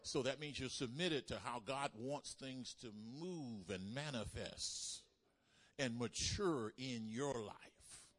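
A man preaching a sermon as pastor, animated, calling the congregation to respond. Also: medium pitch, takes it slowly.

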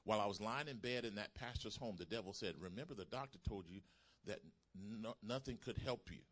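Bright-voiced male preacher, emphatic sermon. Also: lowish voice, fairly quick. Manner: preaching that builds to loud, emphatic calls to the congregation.

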